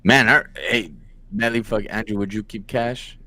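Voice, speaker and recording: A man's voice: on the low side, moderate pace, bright, forceful tone. A young man co-hosting a podcast, telling a story in casual chat, slangy and profane. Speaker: podcast co-host.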